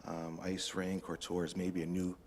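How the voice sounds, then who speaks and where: A man's voice: low voice, completely flat delivery, moderate pace, darkish tone. A man addressing a town council during public comment, talking in a blunt, rambling, combative way. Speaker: resident speaking to council. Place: council chamber. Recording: long reverb of a council chamber.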